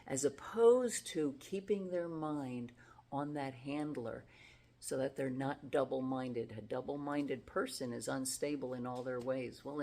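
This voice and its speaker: Low-voiced woman dog trainer, distant and roomy. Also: gravelly, a little mellow. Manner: conversational, explains with everyday comparisons. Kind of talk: casual instructional demonstration. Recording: roomy sound from a distant mic with faint background noise.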